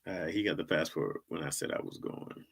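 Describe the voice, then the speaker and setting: A man's voice: rumbling low, fairly quick, creaky, fairly bright tone, husky. A man hosting a livestream in casual chat, rambling and joking and laughing often. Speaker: livestream host.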